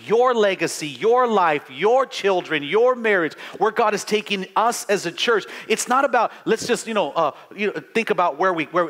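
Fervent middle-aged preacher, high bright voice. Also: male voice. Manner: fervent preaching, stammered restarts, bursts of shouting. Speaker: pastor. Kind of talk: live sermon.

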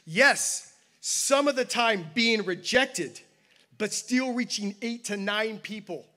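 A man's voice: sits high, expressive, slow, bright, forceful tone. A man preaching a sermon as pastor, telling a personal story with self-deprecating humor. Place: church campus service.

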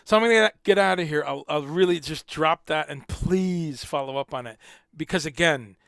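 Guy rambling on his livestream, stumbles over words, gravelly, dry room. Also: fairly high pitch, normal speed, a bit bright, no room sound. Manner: rambling, repeats words, swears. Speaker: livestream host. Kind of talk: casual livestream commentary.

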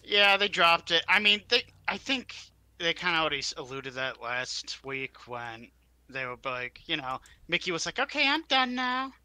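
A man with a very bright, sharp voice gives a loose, rambling recap of a wrestling match. He talks casually in a podcast chat. The recording is close and dry. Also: on the high side, moderate pace, clear, resonant tone, dry recording. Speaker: podcast co-host.

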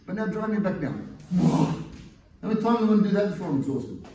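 A man leads a hands-on jiu-jitsu seminar, coaching a partner through a position with short direct commands. His voice sits a little high with a mellow tone. He is picked up from across a big, echoing gym with some noise underneath. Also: sing-song, a little fast. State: strained, pressed under a partner's weight at times. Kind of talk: hands-on teaching while demonstrating on the mat. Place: large indoor training gym. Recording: echoey gym, mic far off, some noise.

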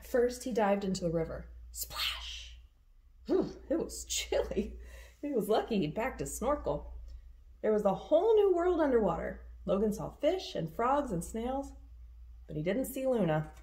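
A woman reads a children's storybook aloud for a storytime. Her voice is a little high and warm, and she paints each scene with wide, lively swings of pitch. The narration is expressive and animated throughout. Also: unhurried. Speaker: storytime reader.

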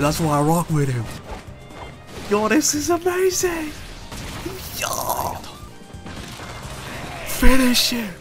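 Male reaction host, lively swinging pitch, unhurried delivery, slangy exclamations. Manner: excitable exclamations and casual slang. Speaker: anime reaction creator. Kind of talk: live reaction commentary.

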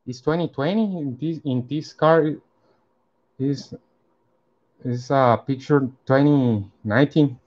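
Slow man reading out baseball cards. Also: medium pitch, a little mellow, highs cut off. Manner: slow, reads out each card name and team. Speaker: card collector opening packs. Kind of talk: casual card-opening commentary.

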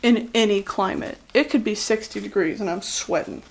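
Her voice is gravelly and mid-range, moving at a moderate pace. A woman in her twenties is vlogging as a YouTuber while she decorates her bedroom, chatting casually and sarcastically, sweaty and lightheaded, and laughing at herself often.

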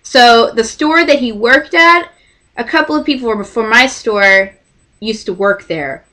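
Speaking a little slowly in a voice on the high side, a young woman from Texas vlogs casually to camera. She tells an animated story, voicing the other people in it.

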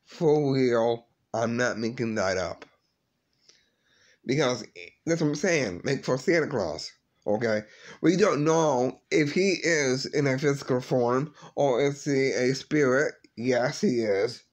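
A man talks to his viewers in a slow, drawn-out way, stumbling and starting his sentences over. His voice sits at an ordinary middle pitch, and he sounds earnest and a little shaken. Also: lively intonation. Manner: halting, repeats and restarts words, grieving. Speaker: vlog host. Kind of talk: emotional personal vlog.

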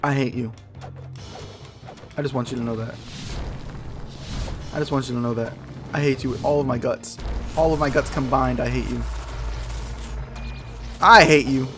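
A young man giving casual let's play commentary, frustrated and swearing as he fights a hard boss, with loud outbursts. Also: mid-range voice, steady tone, moderate pace, long pauses, music in the background.

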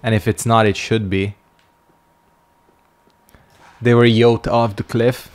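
A man's voice: mid-range voice, flat delivery, slow, a little mellow. A male streamer giving casual gameplay commentary, making wry jokes and yawning as he plays. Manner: wry, joking asides while playing. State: sleepy, yawning.

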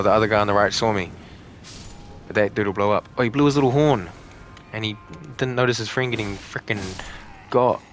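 A man's voice: fairly low pitch, fairly bright tone, slight background noise. A young man giving joking, profane commentary while playing a game, talking back to the enemies on screen. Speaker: gaming channel host. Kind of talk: let's play commentary.

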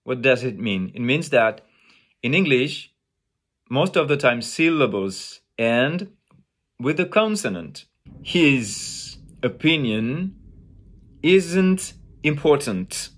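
A man with a French accent teaching French pronunciation in English, slow and deliberate, repeating phrases and demonstrating sounds. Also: mid-range voice, big pitch swings, fairly bright tone. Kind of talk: pronunciation lesson.

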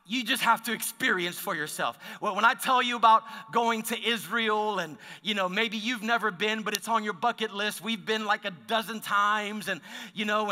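A pastor delivers a sermon in a church sanctuary, his high, bright, forceful voice filling a large hall. His storytelling is conversational, with many restarts along the way.

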